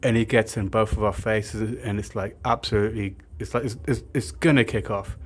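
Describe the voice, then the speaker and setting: A man's voice: on the low side, fairly even intonation, brisk, husky. A young man telling a rambling, sweary story, with lots of filler words. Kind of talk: casual storytime monologue.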